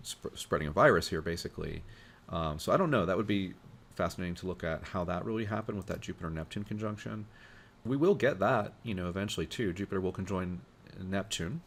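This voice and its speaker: Low, gravelly man musing over charts. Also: a little hiss or hum. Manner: thinking aloud, musing with frequent fillers and restarts. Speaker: astrologer host. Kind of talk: informal talk walking through charts.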